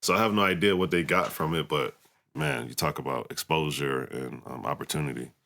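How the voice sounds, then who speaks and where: A man co-hosting a sports podcast, talking in a relaxed, rambling way. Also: a bass voice, fairly quick, vocal fry. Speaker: co-host. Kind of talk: casual sports podcast chat.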